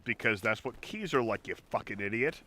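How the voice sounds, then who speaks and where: A man streaming a game and chatting casually with friends, loud, profane and playfully teasing. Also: on the low side, expressive, a little fast. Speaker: streamer and host. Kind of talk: casual group chat while gaming.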